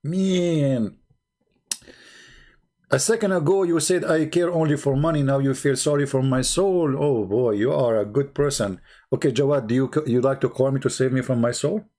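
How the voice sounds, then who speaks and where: In a dark-toned, mid-range voice at a normal pace, a man hosts a debate livestream and talks to his viewers. His commentary keeps jabbing at a critic through repeated, mocking rhetorical questions.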